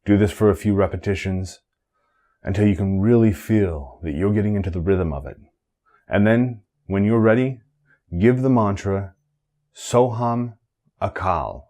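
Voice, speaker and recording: Deep-voiced guy talking you through a meditation, calm and steady. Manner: calm, measured, instructive, chanting a mantra at times. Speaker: meditation teacher. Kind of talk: guided meditation instruction.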